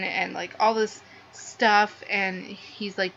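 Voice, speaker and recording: A young woman casually reviews a book, rambling and gushing with "like" in nearly every phrase. Her medium-pitched voice stays steady and slow but has a sharp edge. The lo-fi recording sounds slightly dull, with faint noise.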